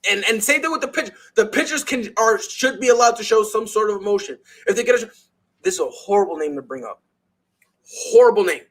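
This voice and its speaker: Young man, sports talk host, lively high voice, slangy and emphatic monologue. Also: fast talker. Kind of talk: animated sports opinion monologue.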